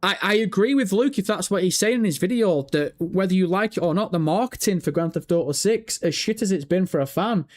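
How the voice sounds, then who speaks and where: A man with a British accent hosting a live stream, chatting casually, excitable and swearing freely as he banters with his audience. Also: high voice, brisk, few pauses. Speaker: livestream host. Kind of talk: casual livestream chat.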